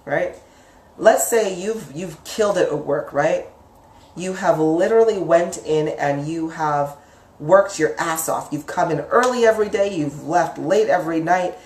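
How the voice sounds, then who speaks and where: A woman giving a casual spoken lesson on the mind, chatty and lively, acting out inner voices with sudden leaps up in pitch. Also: recorded from a distance. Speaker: psychic teacher. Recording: echoey room, speaker away from the mic.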